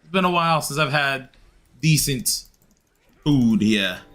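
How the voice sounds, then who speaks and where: A young adult man chatting casually and rambling while he streams a game, leaping into high excited yelps. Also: moderate pace, faint music behind. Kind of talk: casual gaming stream chat.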